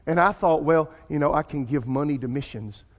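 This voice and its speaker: A middle-aged pastor preaches a sermon in a church sanctuary, speaking directly to his congregation in a fairly high voice at a slightly fast clip. He mixes in call-and-response asides, and long hall reverb fills the recording.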